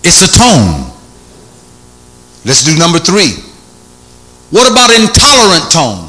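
Male preacher, lively swooping pitch, bright edgy voice, shouting bursts, energetic sermon. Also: normal speed, pauses often, reverberant. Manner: animated, shouting bursts, acts out tones.

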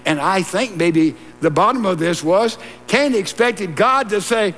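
A man's voice: sits high, expressive, unhurried, hardly any pauses, fairly bright tone. A man preaching a sermon, emphatic and repetitive, with asides to the congregation. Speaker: pastor. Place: church sanctuary. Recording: long reverb and mains hum in a church.

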